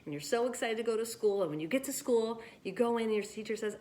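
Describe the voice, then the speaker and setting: A woman teaching children after reading a picture book, gentle and encouraging as she talks straight to them about handling disappointment. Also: fairly high pitch, fast talker, few pauses.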